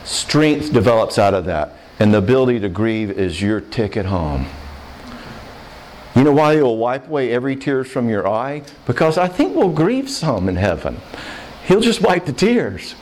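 A Christian speaker on marriage and forgiveness gives a sermon-style talk in a slightly mellow, mid-range voice with big pitch swings at normal speed. Earnest and conversational, he drifts into casual asides, speaks with feeling, at times emotional, and keeps checking in with listeners. A faint background hiss runs under the recording.

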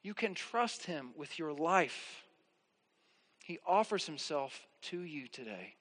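Male pastor, high voice, earnest reassuring sermon delivery, emphatic rises. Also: expressive, takes it slowly, a bit bright, big-room sound.

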